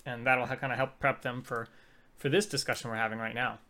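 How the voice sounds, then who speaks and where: A man's voice: medium pitch, steady tone, a little fast, pushed and bright. Friendly American man hosting a podcast. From United States. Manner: friendly, curious questioner. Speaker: podcast host. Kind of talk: casual podcast interview.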